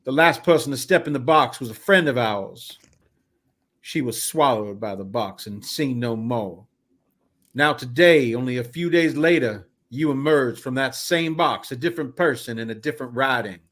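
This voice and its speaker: A man voicing a bearded, cigar-smoking old carnival showman who speaks slowly in grand, old-fashioned phrases. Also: medium pitch, lively intonation, fairly bright tone, close to an everyday voice. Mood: grandiose.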